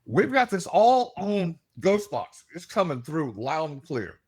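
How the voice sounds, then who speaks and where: Lively middle-aged man. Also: fairly high pitch, measured pace, husky. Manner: lively, laughing, acts out voices in his stories. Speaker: guest, paranormal investigator. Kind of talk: animated storytelling.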